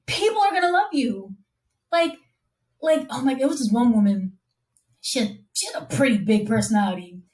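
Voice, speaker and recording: A woman guest talking casually as a copy coach, quick and rambling, acting out what people said to her in lively voices. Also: a little high. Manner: animated, acts out quoted dialogue with voices; fast, rambling with restarts. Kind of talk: casual conversation.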